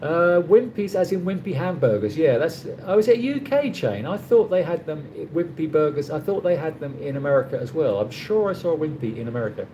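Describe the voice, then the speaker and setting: A man's voice: fairly high pitch, expressive, brisk, few pauses, warm tone, slight background noise, poor audio. A middle-aged man with a London accent, chatting casually on a livestream and reading viewer comments, rambling with many restarts. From London, England. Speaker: livestream host.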